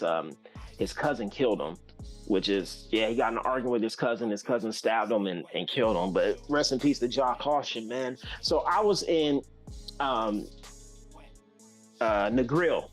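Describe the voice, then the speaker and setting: A man from California, a guest musician, telling a long story in a loose, animated way with many fillers and restarts. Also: medium pitch. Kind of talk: casual storytelling.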